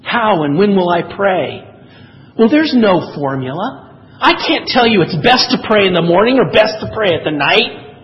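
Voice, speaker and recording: Animated male preacher in a reverberant hall. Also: sits high, moderate pace, dull audio. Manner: animated storyteller, voices quotes. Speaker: pastor. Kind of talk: sermon.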